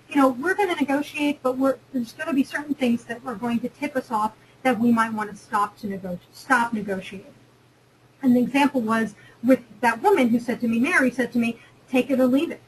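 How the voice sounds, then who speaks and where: A woman's voice: a little high, a little hiss or hum, low-quality recording. A woman from New Jersey giving a chatty, emphatic webinar lecture on negotiation, often repeating and restarting phrases. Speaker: career webinar presenter.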